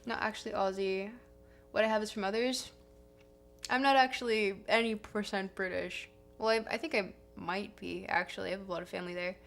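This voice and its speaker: A woman's voice: mid-range voice, steady tone, fairly quick, gravelly. A young woman hosting a casual livestream, chatting in a rambling, self-correcting way. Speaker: livestream host. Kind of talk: casual stream chat. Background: soft guitar music.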